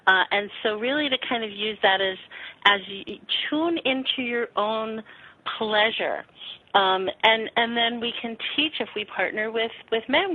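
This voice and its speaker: A woman sexuality teacher answering interview questions frankly and warmly, acting out little quotes as she explains. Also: medium pitch. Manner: frank, animated, acts out quotes with laughs. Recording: tinny phone-line sound.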